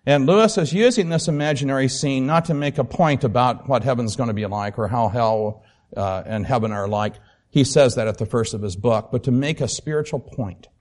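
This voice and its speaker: A man preaching a sermon, explaining earnestly with filler pauses and reading aloud from a book. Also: medium pitch, a little mellow.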